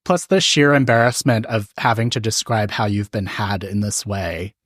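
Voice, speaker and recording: A podcast host muses aloud in easy conversation, restarting phrases and breaking into laughs. The voice sits at a middle pitch in a dry, close recording. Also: normal speed, fairly bright tone, dry recording. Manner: hesitant, laughs often. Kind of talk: casual chat.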